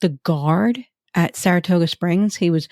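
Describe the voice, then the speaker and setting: Woman guest, lower voice, chatty storyteller, dry booth sound. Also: a little mellow, dry recording. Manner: chatty storyteller, quick asides. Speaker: podcast guest. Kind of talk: casual chat.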